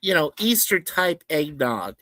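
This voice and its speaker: A man's voice: a little high, sing-song, a little slow, sharp tone. A man in casual podcast chat, offhand and joking, with some mild swearing.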